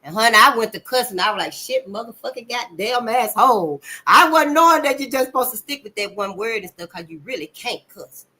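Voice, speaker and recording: Woman ranting with profanity, bright voice. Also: expressive, fast, few pauses. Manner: profane, emphatic, calls listeners honey; swings between loud outbursts and low asides. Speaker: channel host. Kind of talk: impassioned commentary.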